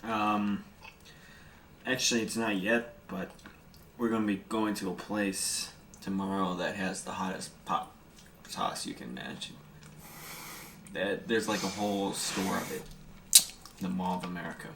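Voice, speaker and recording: A man's voice: sits low, steady tone, measured pace, pauses often, fairly bright tone, roomy sound, a little hiss or hum. A young man in his twenties chatting casually and a little hesitantly about a trip plan. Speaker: friend on a trip. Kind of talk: casual chat.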